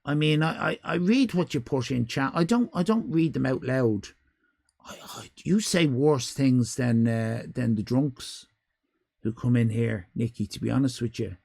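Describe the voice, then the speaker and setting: A woman's voice: very deep voice, moderate pace, gravelly, a little mellow, husky, no room sound. An Irish woman hosting a live stream, chatting casually with viewers in cheeky, rambling banter and frequent swearing. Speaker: livestream host.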